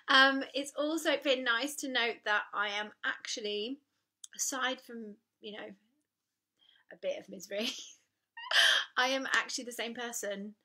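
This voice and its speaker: Young adult woman, vlogger; bright, clear voice, candid, wry, loose with ums. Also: a little high, unhurried, long pauses. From United Kingdom. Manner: candid and self-mocking, with frequent ums. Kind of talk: casual personal vlog to camera.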